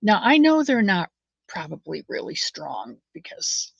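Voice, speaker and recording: A woman hosting a knit-along, chatting in a rambling, folksy way with soft muttered asides while she knits. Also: on the low side, huge pitch swings, measured pace, gravelly, husky, no room sound, lo-fi sound. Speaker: knitting channel host. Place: at home, knitting.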